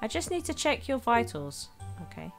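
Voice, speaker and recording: A woman reading aloud as a polite young male town doctor in a game, gentle and formal. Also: fairly high pitch, big pitch swings, moderate pace, creaky. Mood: polite, reassuring. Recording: game music playing behind. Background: game music.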